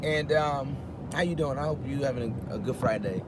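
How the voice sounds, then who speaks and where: A man voicing a friendly middle-aged male neighbor in a high, chipper, nasal tone. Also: brisk, lightly acted. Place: inside a car with the window down. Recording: street traffic noise.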